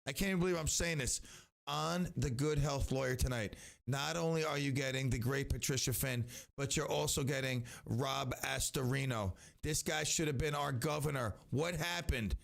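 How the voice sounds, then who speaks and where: Rambling gravelly radio host, a man. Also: mid-range voice, moderate pace. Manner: rambling, self-interrupting, breaks into loud off-key singing. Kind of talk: casual radio chat.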